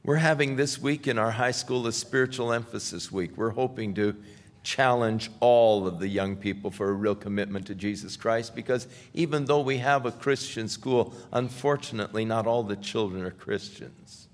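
A male pastor preaching a sermon in a slow, emphatic style that swells loudly on scripture. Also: fairly low pitch, in a large hall.

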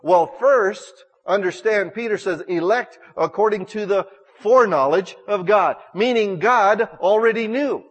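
A man's voice: high voice, a little slow, husky, big-room sound. A middle-aged male pastor preaching a sermon in a church, folksy and jokey, acting out little quoted exchanges.

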